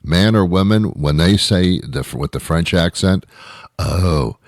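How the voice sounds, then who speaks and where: A man with a very low voice rambles through a comic monologue in a deadpan, mock-outraged way. The sound is dry and close, with no room sound. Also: normal speed, dry recording. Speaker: show host. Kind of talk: comedic monologue.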